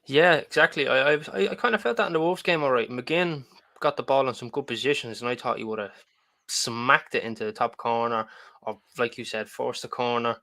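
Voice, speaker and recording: A man co-hosting a football podcast, speaking conversationally. His tone is bright and pressing, and he stammers as he starts his points. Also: mid-range voice, brisk, gravelly. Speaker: podcast co-host. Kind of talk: casual football podcast chat.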